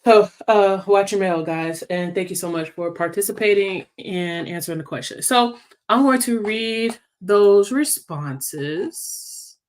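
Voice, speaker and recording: A woman leading her sales team's meeting in a casual livestream, chatty and teasing as she works through sums out loud. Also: mid-range voice, unhurried. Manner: chatty, teasing, thinks aloud while working sums. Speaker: sales team leader.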